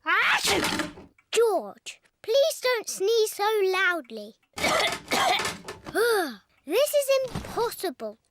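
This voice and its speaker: A woman's voice: very high voice, huge pitch swings, very slow, heavy background noise, heavily acted. An actress voicing a bossy, chatty little girl piglet in a children's cartoon. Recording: cartoon soundtrack with music.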